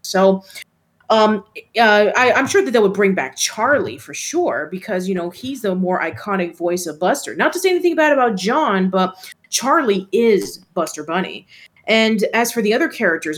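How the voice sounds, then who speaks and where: A woman co-hosting a podcast in casual chat, talking in a chatty way with many fillers and restarts. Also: medium pitch. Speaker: podcast co-host.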